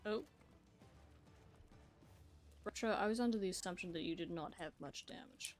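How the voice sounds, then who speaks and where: A woman's voice: fairly low pitch, moderate pace, faint music behind. Chatty woman streaming a game. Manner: chatty, talks to game creatures. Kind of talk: casual gameplay chat.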